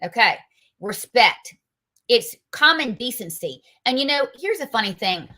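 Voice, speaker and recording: A woman's voice: fairly high pitch, big pitch swings, a little slow, bright, forceful tone. A woman hosting a political show, giving combative, emphatic commentary full of rhetorical questions. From North Carolina, US.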